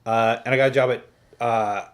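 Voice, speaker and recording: A man co-hosting a casual chat show, telling a story in an animated way and laughing as he retells it. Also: medium pitch, normal speed. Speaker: co-host.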